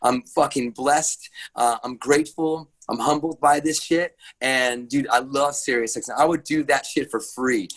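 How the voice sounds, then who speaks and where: A middle-aged man from Arizona, a radio DJ, telling stories in a casual podcast interview, excitable and swearing constantly. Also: medium pitch, normal speed, hardly any pauses. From Arizona, USA. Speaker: radio DJ and guest.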